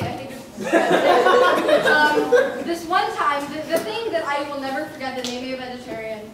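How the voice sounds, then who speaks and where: A young woman performer telling a chatty, self-mocking comic story on stage. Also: sits high. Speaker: improv performer. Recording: echoey room, far mic, audience laughter.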